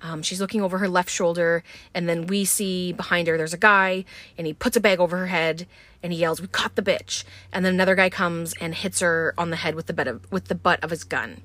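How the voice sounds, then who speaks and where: A woman hosting a podcast walks through a film plot in a loose, chatty way, full of um and like. Her voice sits on the lower side for a woman. She records on a boat, and the sound is close and dry. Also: fairly even intonation, fairly quick, fairly bright tone, no echo. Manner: chatty, many fillers like um and like. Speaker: podcast host. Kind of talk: casual movie recap.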